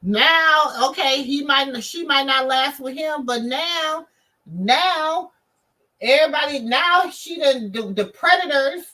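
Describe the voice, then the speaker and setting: A woman's voice: sits high, slow, bright, forceful tone, rough recording. A woman in AAVE giving chatty commentary to her viewers, full of asides.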